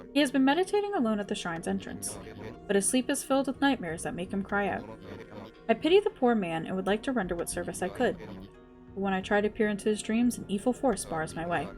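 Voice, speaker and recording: A woman's voice: medium pitch, a little mellow. Woman voicing a blind old ghost, solemn and formal. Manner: archaic, formal reading. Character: blind old male earthbound spirit, solemn. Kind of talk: reading game dialogue aloud.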